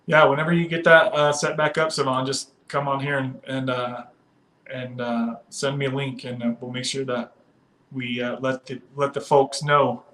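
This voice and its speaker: Man, livestream host, casual comment replies, relaxed and chatty, frequent fillers, average pitch. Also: moderate pace. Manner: relaxed, chatty, many 'uh' fillers, addresses viewers as guys and my friend. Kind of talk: casual livestream chat answering viewer comments.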